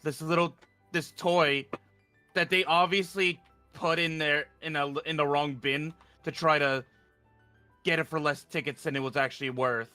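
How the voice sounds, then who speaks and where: A man's voice: a little high, steady tone, moderate pace, sharp tone, no room sound, faint music behind. A man chatting casually on a stream, hesitant and often restarting his sentences. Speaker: VTuber streamer. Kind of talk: casual chat.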